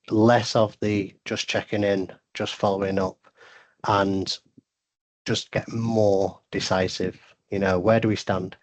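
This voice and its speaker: A man speaking as a sales consultant guest on a webinar, giving earnest advice and often repeating words as he starts a thought. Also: lowish voice.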